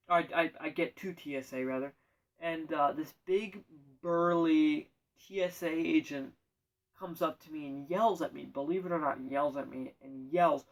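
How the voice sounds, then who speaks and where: Rambling deadpan man, away from the mic. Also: on the high side, distant mic, rough recording. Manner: deadpan, self-correcting, absurd asides. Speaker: storyteller. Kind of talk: rambling comic monologue.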